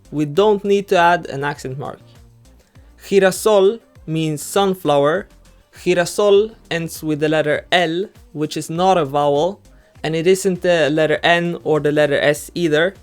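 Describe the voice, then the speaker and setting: A man narrating a scripted language lesson in a measured, even instructional way. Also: on the high side, clean tone. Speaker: language teacher. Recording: music bed under voice-over. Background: faint background music.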